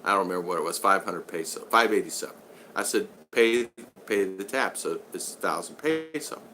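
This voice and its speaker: Bright-voiced older man chatting. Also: sits low, animated, fairly quick, a little hiss or hum. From United States. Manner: rambling anecdotal storyteller with frequent restarts. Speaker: vlogger reading live chat. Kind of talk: casual livestream chat.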